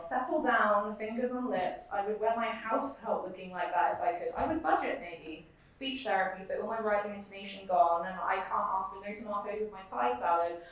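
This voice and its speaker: A young woman poet giving a live reading, moving between measured recitation and chatty asides between poems. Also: mid-range voice, slight background noise. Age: young adult. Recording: very echoey room, mic far off.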